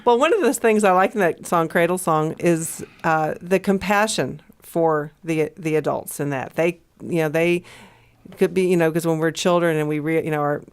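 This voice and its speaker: An American woman with a fairly low voice, co-hosting a relaxed discussion show. She speaks thoughtfully and haltingly, restarting phrases and reaching for words as she goes. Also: smooth. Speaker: co-host. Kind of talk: conversational discussion.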